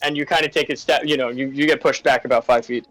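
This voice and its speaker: A man's voice: mid-range voice, fairly even intonation, fast talker, fairly bright tone, dry recording, faint music behind, poor audio. A man narrating as dungeon master in a tabletop game, in a loose and chatty way.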